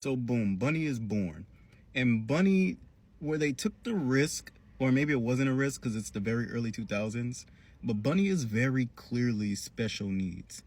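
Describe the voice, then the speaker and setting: A man giving a casual, slangy recap of a cartoon episode with animated storytelling. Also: mid-range voice, moderate pace. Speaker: cartoon reviewer.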